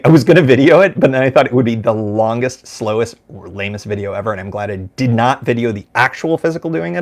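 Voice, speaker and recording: A middle-aged American man hosting a live podcast from a room at home, talking casually in a rambling, self-deprecating way. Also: medium pitch. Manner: rambling, self-deprecating, lots of fillers and restarts. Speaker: podcast host. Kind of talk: casual live-stream chat.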